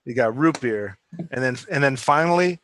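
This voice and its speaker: A man's voice: medium pitch, animated, normal speed, a bit bright, a little hiss or hum. Profane, exasperated male podcast host. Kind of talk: casual roundtable chat.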